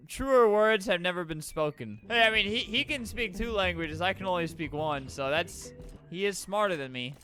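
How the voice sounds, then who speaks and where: A man giving excitable gameplay commentary, yelling at other players and tossing out quick jokey asides. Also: high-pitched. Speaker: gaming video creator. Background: faint game music.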